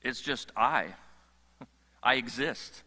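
Bright, forceful man preaching in a hall. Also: mid-range voice, extremely slow. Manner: animated, joking asides, restarts mid-phrase. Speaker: pastor. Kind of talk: sermon. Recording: long hall reverb.

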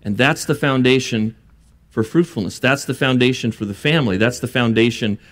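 A man's voice: mid-range voice, a little fast. A man preaching a sermon, earnest and building to emphatic bursts, with joking asides. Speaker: pastor.

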